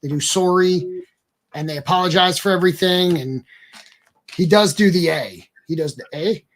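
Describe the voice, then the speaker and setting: Low-voiced woman bantering playfully. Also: a little fast, a little hiss or hum. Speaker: livestream co-host. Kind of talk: casual chat.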